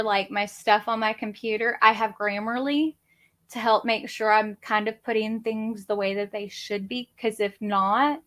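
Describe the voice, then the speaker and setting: Slow-talking woman, chatty. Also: fairly high pitch, a bit bright. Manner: rambling, chatty, self-deprecating. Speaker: crafting channel host. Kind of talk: casual livestream chat. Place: home office.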